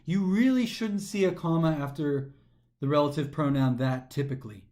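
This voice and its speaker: A man teaching a recorded grammar lesson for a test, talking animatedly and slowing down to stress the pauses as he reads sentences aloud, sometimes tripping over his words. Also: a little high. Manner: animated, emphatic, slows down to stress pauses when reading aloud. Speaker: test prep instructor.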